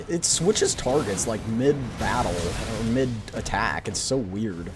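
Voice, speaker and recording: A man streaming a game live, talking excitedly to his viewers and teasing himself about his play. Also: lowish voice, unhurried, hardly any pauses, over music. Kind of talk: live gameplay commentary.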